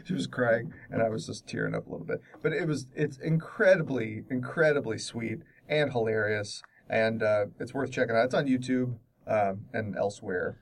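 A man in mid-range pitch chatting on a podcast, rambling through a story with plenty of restarts. He sits a little back from the microphone, so his voice sounds somewhat distant. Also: moderate pace, hardly any pauses. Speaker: podcast co-host. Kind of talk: casual chat.

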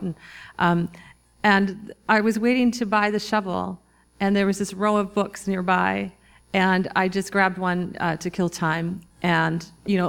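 A woman in her forties, an author telling a personal story to a live audience in a reflective, halting way, with many restarts and fillers. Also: fairly low pitch. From Minnesota, US. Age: 40s. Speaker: author giving a talk.

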